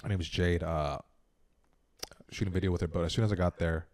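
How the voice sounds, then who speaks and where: A man's voice: low voice, fairly even intonation, fairly quick, a little mellow. A man hosting a comedy podcast, telling a rambling story with many restarts in a casual chat. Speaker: podcast host.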